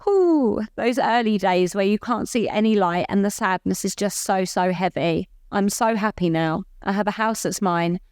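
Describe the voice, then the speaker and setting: A woman's voice: medium pitch, fairly even intonation, moderate pace, hardly any pauses, darkish tone, clear, resonant tone, dry recording, studio quality. A woman co-hosting a podcast, reading a listener's letter aloud and getting emotional. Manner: emotional, voice catching at times. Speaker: podcast co-host.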